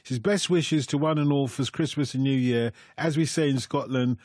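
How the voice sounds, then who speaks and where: A man's voice: mid-range voice, moderate pace, hardly any pauses, darkish tone, no echo, studio quality. A man hosting a radio phone-in, chatting casually and reading out listener emails with teasing humor. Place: radio studio. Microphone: studio microphone.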